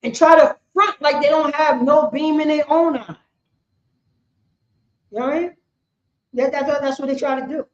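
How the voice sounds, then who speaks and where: A woman preaching a street sermon on scripture, talking in an animated, repetitive way and often asking "you know what I'm saying". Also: high-pitched, normal speed, pauses often. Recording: echoey, dull lo-fi sound.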